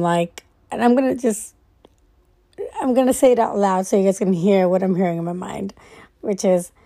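A woman talks slowly through a late-night reflective monologue while lying in bed. Her voice is warm and mellow, and her manner is loose and rambling, with casual swearing as she works through her thoughts. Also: medium pitch, vocal fry.

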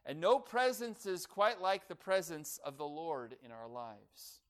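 A man preaching a sermon, building to loud emphatic declarations and dropping soft on key phrases. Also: fairly high pitch, very animated, a little slow, clean tone.

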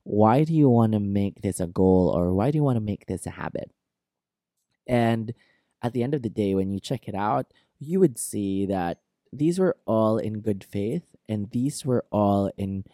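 A man with a lowish, warm, relaxed voice talks on his podcast in an open, rambling monologue. He circles back on himself, leaning on "like" and "you know". The sound is dry and close, with no room around it. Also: dry recording. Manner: rambling and candid, many fillers like "like" and "you know". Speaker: podcast host. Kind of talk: casual self-help monologue.

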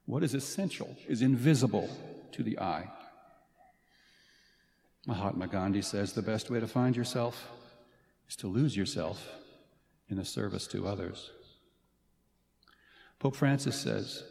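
A man's voice: fairly low pitch, creaky, a little mellow, slight background noise. Man giving a commencement speech in a hall. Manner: earnest and playful, with dramatic pauses. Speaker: faculty commencement speaker. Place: large ceremony hall. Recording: reverberant hall, faint ambience.

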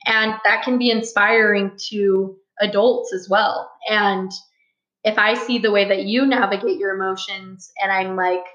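A woman's voice: medium pitch, fairly even intonation, unhurried, fairly bright tone. Earnest young woman in a roomy room. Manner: earnest, open storytelling with a reflective tone. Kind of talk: casual conversational podcast chat. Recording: roomy, slightly dull sound.

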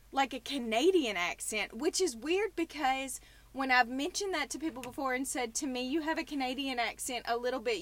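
A woman's voice: sits high, a bit bright. A woman in her forties with a Southern US accent, hosting a podcast in a casual, chatty way. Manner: chatty, laughing storyteller. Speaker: podcast host.

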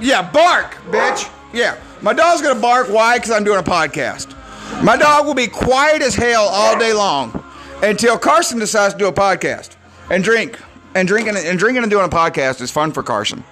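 A man's voice: high voice, bright, forceful tone. A man of forty, hosting a drinking podcast, ranting in a sarcastic, self-deprecating way with plenty of swearing. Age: 40s. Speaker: podcast host. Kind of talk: drunk comedic rant.

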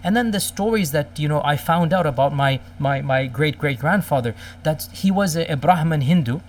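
A man's voice: a little high, lively intonation, moderate pace, far from the mic, a little hiss or hum. A middle-aged man telling a personal story in a casual, rambling way, with many fillers and Arabic religious phrases. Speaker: speaker recounting a personal story.

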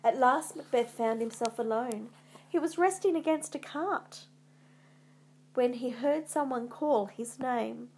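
Slow, measured woman reading a story. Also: a little high, darkish tone, husky. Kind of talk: scripted narration of a retold classic tale.

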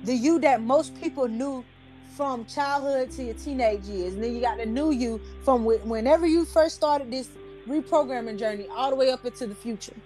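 A woman's voice: a little high, normal speed, faint music behind. A young woman telling a story casually and with animation, peppered with "like" and slang. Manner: animated, slangy, repeats "like" and "I was like". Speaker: vlogger.

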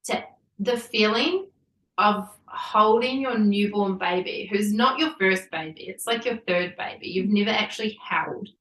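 A woman in her thirties recounts a personal story with animated energy, laughing and saying "like" often. She sits a little back from the microphone. The room around her rings. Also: mid-range voice, roomy sound, distant mic, rough recording. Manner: animated, laughing, many likes. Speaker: podcast guest.

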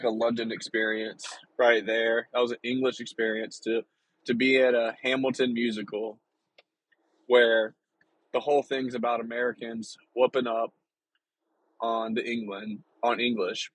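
Rambling young man with a husky voice. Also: mid-range voice, fairly bright tone, no room sound, low-quality recording. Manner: rambling, lots of filler and restarts. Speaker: vlogger. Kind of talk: casual storytelling.

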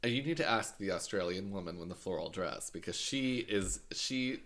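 A man's voice: deep voice, animated, moderate pace, a bit bright. A man co-hosting a casual podcast, goofy and rambling, often searching for his words. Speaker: podcast co-host. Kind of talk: casual chat.

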